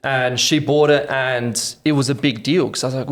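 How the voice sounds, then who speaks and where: A man in his twenties with an Australian accent, a podcast guest telling his story in a casual interview, animated and acting out quotes. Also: medium pitch, normal speed. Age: 20s.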